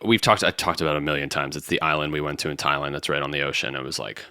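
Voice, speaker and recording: A young man co-hosting a podcast in casual chat, animated and full of filler words, with a crackly morning voice. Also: extremely low pitch, very fast, clean tone, dry recording, clean studio sound. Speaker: podcast co-host.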